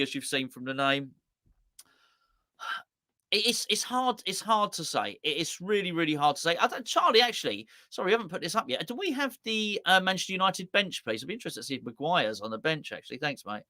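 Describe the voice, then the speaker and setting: On a dry recording, a man hosting a football fan channel watch-along speaks fairly quickly in a sharp, lively voice on the high side. His chat is rambling and self-deprecating as he reads out viewer comments, often stammering and starting over.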